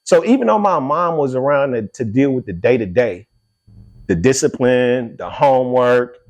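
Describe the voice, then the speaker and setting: A man's voice: medium pitch, moderate pace. A middle-aged man hosting a casual podcast chat, telling stories freely with plenty of swearing. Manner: animated storytelling, swears freely. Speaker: podcast host.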